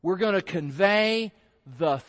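High-voiced preacher in a reverberant hall. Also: male voice, slow. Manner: conversational, rhetorical questions, acts out listeners. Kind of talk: sermon.

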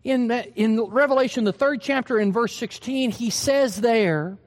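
A man's voice: extremely high pitch, measured pace, long reverb tail. A man preaching a sermon, emphatic and full of questions to his listeners. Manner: emphatic, asks the hearers questions.

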